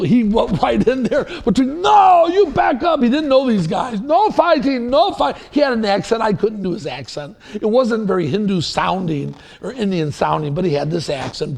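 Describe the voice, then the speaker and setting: Gravelly high-voiced male pastor. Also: darkish tone. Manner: anecdotal, rambling with restarts and chuckles. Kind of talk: sermon. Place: church sanctuary.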